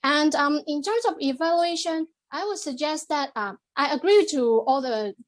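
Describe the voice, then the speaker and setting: Speaking in a high-sitting voice, she offers encouraging, measured feedback as general evaluator at a club meeting held by video call, often leaning on fillers.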